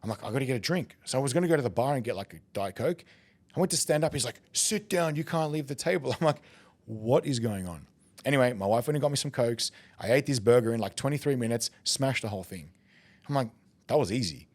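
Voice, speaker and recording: An Australian man on a podcast, telling a story with plenty of energy. He laughs often and acts out the other people in it. His voice sits at an ordinary pitch for a man. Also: animated, fast, darkish tone. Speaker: podcast guest, competitive eater. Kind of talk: casual storytelling chat.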